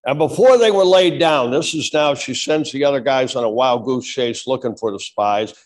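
A middle-aged male pastor preaching a sermon with fervor, dropping low and then shouting. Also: normal speed. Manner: fervent preaching that swings from quiet to shouting.

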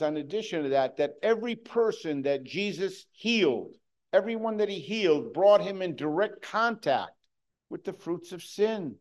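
A man preaching a sermon, earnest, moving between hushed and emphatic delivery. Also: sits high, lively intonation, normal speed.

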